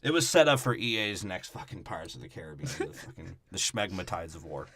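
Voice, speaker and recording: A man co-hosting a comedy podcast, riffing crudely on a movie plot and dropping into quick character voices. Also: sits low, big pitch swings, fairly bright tone, slightly rough. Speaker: podcast co-host.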